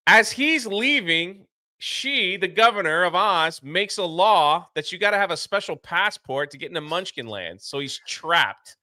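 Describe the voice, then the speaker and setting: A man co-hosting a casual movie review, retelling the plot in an animated way and acting out the characters' lines. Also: high-pitched, unhurried, no echo, clean studio sound. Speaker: podcast co-host.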